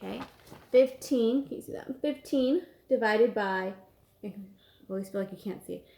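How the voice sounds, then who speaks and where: A woman teacher explaining an algebra lesson patiently, repeating each step slowly and checking in with her students. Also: fairly high pitch, mellow. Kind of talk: recorded math lesson.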